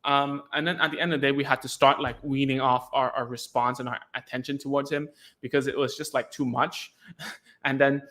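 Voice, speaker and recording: A man's voice: mid-range voice, level tone, fairly quick, fairly bright tone. A young man, a podcast host and former behavioural therapist, chatting casually and filling his talk with "like" as he explains. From Hong Kong. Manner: chatty, heavy use of "like", acts out sounds and reactions.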